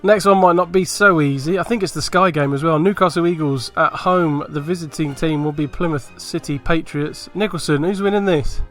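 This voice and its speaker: Brisk man hosting a sports podcast. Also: a little high, a bit bright, soft background music. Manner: brisk, teasing, runs the segment. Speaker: podcast host. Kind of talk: casual sports chat.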